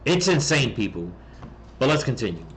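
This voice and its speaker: A man's voice: mid-range voice, big pitch swings, moderate pace, a little hiss or hum, low-quality recording. A man hosting a rambling political commentary, blunt and heated, swearing often, restarting his sentences and tagging them with "okay?". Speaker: political commentary channel host.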